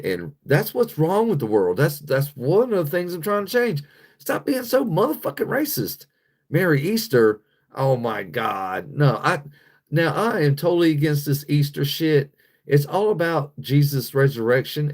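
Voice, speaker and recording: A man's voice: mid-range voice, darkish tone. A man hosting a casual livestream, talking bluntly and profanely to his chat and laughing often. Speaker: livestream host.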